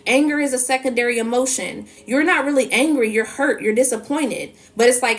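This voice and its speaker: A woman's voice: fairly high pitch, moderate pace, hardly any pauses. A woman talking to her viewers as a spiritual energy reader in a casual, emphatic monologue full of "you know" and "so it's like". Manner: emphatic, repetitive fillers.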